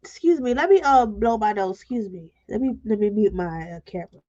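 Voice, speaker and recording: A woman's voice: medium pitch, brisk, warm tone. A woman hosting a live stream, talking bluntly and emotionally and reading viewer comments aloud. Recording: dull lo-fi stream audio.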